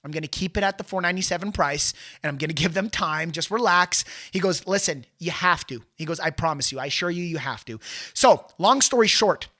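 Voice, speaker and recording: Male sales-show host, high-ish voice, animated storyteller who stumbles and restarts. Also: fairly quick. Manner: animated, retells dialogue with many restarts. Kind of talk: casual storytelling monologue.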